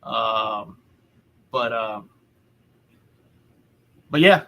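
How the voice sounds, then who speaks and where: This Texan podcast host speaks extremely slowly in a lowish voice with a fairly bright tone. His casual chat is loose, profane and rambling, full of restarts.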